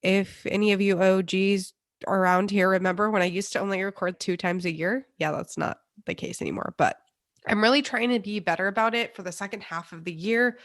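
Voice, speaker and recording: A woman's voice: medium pitch, fairly even intonation, brisk, no echo, studio quality. A young woman hosting her own podcast in a chatty, upbeat way, sounding congested from a cold. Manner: chatty and upbeat, with small laughs. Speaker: podcast host. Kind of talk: casual solo podcast talk.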